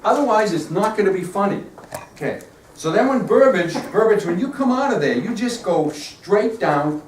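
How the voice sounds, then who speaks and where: Man giving loud stage notes. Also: sits high, animated, slight background noise. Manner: brisk, repeats "okay?", acts out lines loudly. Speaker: theater director. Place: theater stage. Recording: echoey stage from far off, faint ambience.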